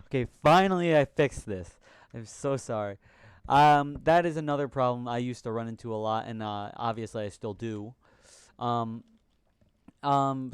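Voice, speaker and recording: A man's voice: mid-range voice, clean tone, no echo. Young man muttering through a live coding stream. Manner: chatty, mutters to himself, jokey broken-English asides. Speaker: livestream host coding.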